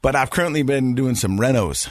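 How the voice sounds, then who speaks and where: A man hosting a podcast in casual chat, playful and animated as he tells stories. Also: mid-range voice, brisk, no echo, studio quality. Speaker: podcast host.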